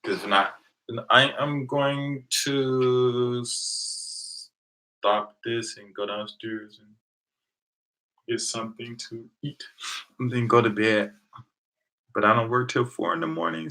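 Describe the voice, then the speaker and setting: Talking casually from home late at night, a livestream host, an American man in his thirties, spins rambling stories for his viewers and laughs often. He has a lowish voice with a sharp tone.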